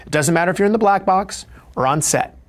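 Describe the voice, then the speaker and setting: A middle-aged actor, appearing as a guest, tells lively stories in a reflective interview and acts out the people he quotes. His voice is high and fast.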